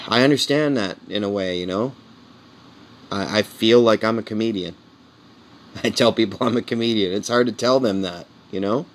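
Rambling man in his forties, low voice. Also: unhurried, long pauses, a little hiss or hum. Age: 40s. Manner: rambling, candid, peppers talk with "man" and "you know"; earnest and heartfelt. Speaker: comedian podcast host. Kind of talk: casual monologue.

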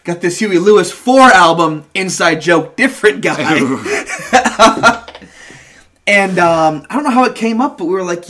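A man's voice: high-pitched, expressive, measured pace, sharp tone. A young man telling a rambling, profane story on a casual podcast. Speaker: podcast co-host.

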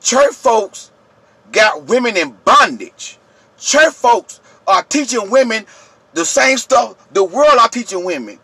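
High, bright-voiced man ranting loudly. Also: sing-song, takes it slowly, breathy edge, dry recording. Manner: yelling, preachy, repetitive, addresses viewers directly. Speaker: channel host. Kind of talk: impassioned vlog rant.

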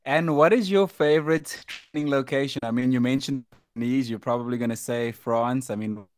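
A man's voice: mid-range voice, moderate pace, a little mellow. A man co-hosting a podcast who jokes and teases in casual chat. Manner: joking, teasing banter. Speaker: podcast co-host.

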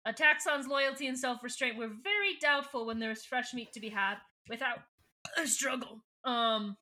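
A young woman co-hosting a laid-back podcast, recapping a story with frequent giggles. Her voice is very bright and sharp, pitched a little high, and she slips in and out of reading characters' lines without fully acting them. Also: normal speed. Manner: giggly, reads quoted lines in a loose, storytelling way. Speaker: podcast co-host. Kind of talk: casual chat retelling a book.

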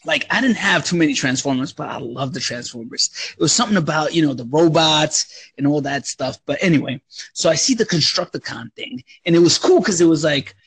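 A man's voice: a little high, fairly quick, fairly bright tone, husky, dry recording. An adult man telling childhood stories in casual, profane chat, acting out voices as he goes.

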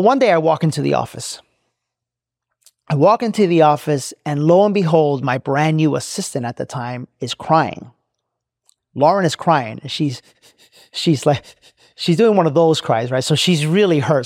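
Guy telling a motivational story, kinda high voice, lots of fry, repeats himself for punch. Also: darkish tone, no echo, studio quality. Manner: emphatic and preachy, repeats phrases. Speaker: podcast host.

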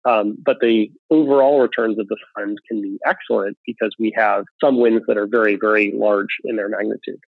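A man speaking as a venture capital investor in an interview, measured and analytical, with frequent fillers. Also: lowish voice, fairly even intonation, vocal fry, dry recording. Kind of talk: interview answers. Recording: tinny phone-like line, dry.

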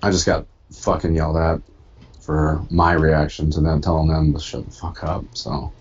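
A man's voice: rumbling low, flat delivery, moderate pace, breathy edge, lo-fi sound. A man venting bluntly and swearing often while chatting casually on a conference call as a podcast co-host. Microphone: computer headset on a conference call.

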